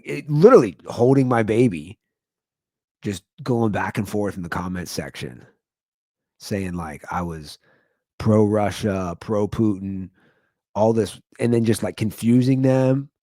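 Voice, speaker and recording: A man in his thirties hosting his own comedy podcast, rambling through a monologue and jumping into high, incredulous exclamations. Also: animated, a little slow, dark tone, no echo, studio quality.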